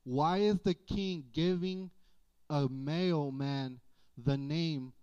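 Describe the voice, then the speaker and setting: A man preaching a sermon as pastor, in a folksy, animated way with playful asides. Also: on the high side, takes it slowly, smooth. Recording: dull lo-fi church audio.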